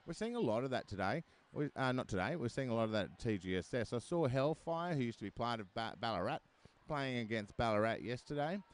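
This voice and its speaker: A man's voice: mid-range voice, big pitch swings, a little fast. Joking male derby commentator. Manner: chatty, joking asides. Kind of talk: live sports commentary.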